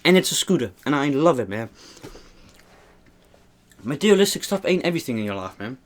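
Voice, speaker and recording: A man's voice: medium pitch, sing-song, a little fast. Rambling young man vlogging a meal. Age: young adult. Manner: rambling, earnest, keeps saying "man". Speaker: mukbang vlogger. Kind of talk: casual talk to camera while eating.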